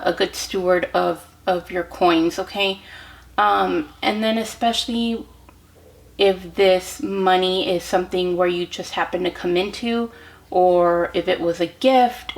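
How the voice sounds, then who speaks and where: A woman giving a tarot card reading straight to the viewer, gentle and encouraging, with many ums, restarts and checking "okay?" as she goes. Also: fairly low pitch, poor audio. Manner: speaks directly to the viewer with frequent "okay?".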